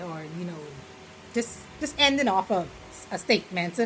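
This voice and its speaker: A young Bahamian-accented woman vlogs at a normal speed in a fairly low voice, chatty and rambling, leaning on "you know" and breaking into lively quoted examples. The recording is low quality, with a little hiss or hum.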